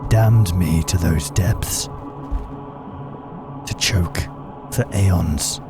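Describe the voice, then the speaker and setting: A man voicing an ancient, vengeful drowned spirit in a slow, solemn horror monologue, deep and partly whispered. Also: music in the background, heavily acted. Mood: grim solemn. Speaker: narrating entity in an analog horror video.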